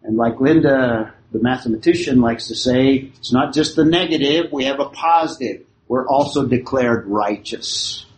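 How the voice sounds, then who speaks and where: A man's voice: medium pitch, normal speed, hardly any pauses, slight background noise. A man teaching a Bible study class in unscripted talk, often checking that his listeners follow. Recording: echoey room.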